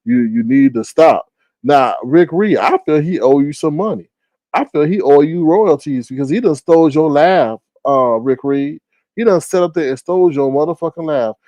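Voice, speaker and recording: A sarcastic man rants on a live stream as its commentary host, animated and casual. He mocks quotes with sudden high squeals. He talks at normal speed, and there's no echo.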